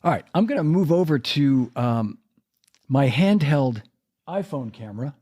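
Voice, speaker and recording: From his home drum room, a man who's a podcast host and drummer runs a casual live stream, rambling in a self-deprecating way as he starts losing his voice. He speaks unhurriedly in a warm, expressive, medium-pitched voice.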